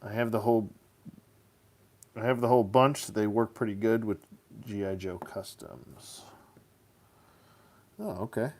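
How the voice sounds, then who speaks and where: A man's voice: on the low side, measured pace, pauses often, darkish tone. A man casually reviewing action figures as he builds them, chatty and goofy, slipping into silly rhymes.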